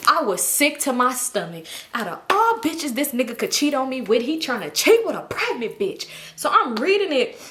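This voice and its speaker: A woman telling a personal story to her viewers in a casual vlog, blunt and profane, with a dramatic, animated delivery. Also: high-pitched, moderate pace. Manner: blunt, profane, emphatic retelling. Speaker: storytime YouTuber.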